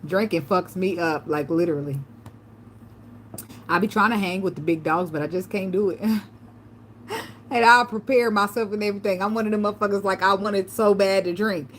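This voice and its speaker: A woman vlogger telling loose, profane stories in a relaxed chat, laughing often. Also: medium pitch, a little fast, long pauses, a little hiss or hum. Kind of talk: casual livestream chat.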